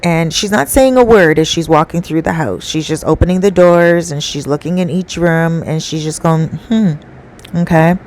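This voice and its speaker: A woman with a somewhat low voice tells a story casually. She rambles in a chatty way, with many fillers and asides. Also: normal speed, few pauses, a little mellow, low-quality recording.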